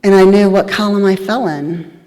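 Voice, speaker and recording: A woman's voice: mid-range voice, moderate pace, mellow. A woman in her thirties or older, telling her recovery story at a meeting with candid, humorous storytelling. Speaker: speaker sharing recovery story. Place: large hall at a live event. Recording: reverberant hall.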